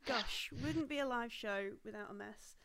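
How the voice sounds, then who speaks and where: A woman with a slightly high voice, speaking at normal speed, hosts and runs a live tabletop role-playing game as game master. She's chatty, laughs a lot, and uses plenty of ums, with crowd noise in the background.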